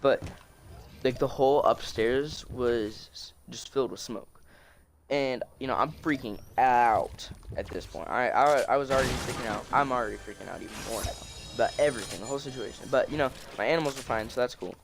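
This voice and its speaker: A man's voice: mid-range voice, brisk. Man, casual storytime vlog, rambling with restarts, phone recording, clicking noise behind. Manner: rambling, many restarts and fillers. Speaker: storytelling vlogger. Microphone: phone screen recording.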